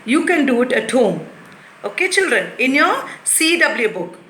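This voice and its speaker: A woman teacher giving a lesson to young children, explaining patiently and repeating things slowly. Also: sits high, very animated, fairly bright tone. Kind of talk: recorded classroom lesson. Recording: echoey room.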